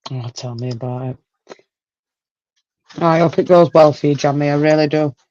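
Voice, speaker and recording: A woman hosting a casual livestream chat, talkative and quick to exclaim. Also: deep voice, darkish tone, dry recording, dull audio. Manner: chatty, exclaims and laughs often. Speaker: livestream host.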